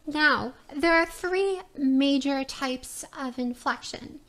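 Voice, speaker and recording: A woman's voice: sits high, takes it slowly, fairly bright tone. A woman voice teacher giving a recorded lecture presentation, explaining step by step and checking in with "all right" and "right?".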